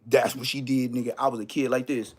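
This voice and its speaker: A man hosting his own live stream, telling a story in a loose, profane way and jumping into high-pitched exclamations. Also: little pitch movement, quick pace. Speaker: livestream host.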